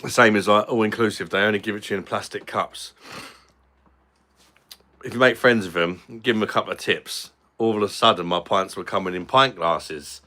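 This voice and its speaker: A man's voice: on the low side, moderate pace, bright, forceful tone. A British man hosting a casual livestream, chatting bluntly and jokingly with viewers, swearing now and then. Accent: British English. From Britain. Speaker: livestream host. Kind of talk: casual livestream chat reading comments.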